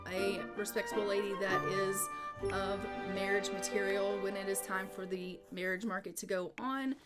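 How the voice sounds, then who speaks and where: A woman narrating her life-sim gameplay in an upbeat, casual way, often repeating "go ahead.". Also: mid-range voice. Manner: upbeat, repetitive "go ahead" phrasing. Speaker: gameplay video creator.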